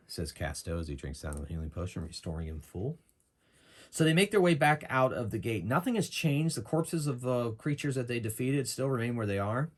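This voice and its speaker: A man's voice: medium pitch, husky. A man running and narrating his own solo tabletop game, chatting and thinking aloud about rules and dice rolls.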